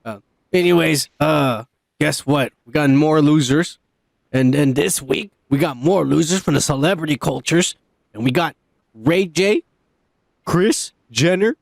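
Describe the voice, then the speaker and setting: A man co-hosting a casual podcast, ranting loudly with heavy swearing. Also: on the high side, gravelly, no room sound, clean studio sound. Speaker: podcast co-host. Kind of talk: profane casual podcast banter.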